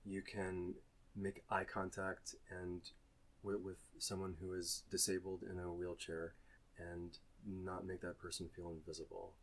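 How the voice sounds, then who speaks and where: Male actor guest, low voice, thoughtful and measured. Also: monotone. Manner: thoughtful, measured, searching for words. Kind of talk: casual podcast chat.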